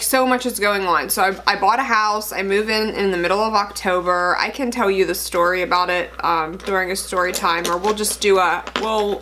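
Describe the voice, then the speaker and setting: A young woman in her twenties talking to camera in an unscripted vlog, near tears, halting and restarting often. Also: mid-range voice, bright, forceful tone, a little hiss or hum. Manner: halting, shaky, many restarts and fillers. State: on the verge of tears. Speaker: beauty vlogger.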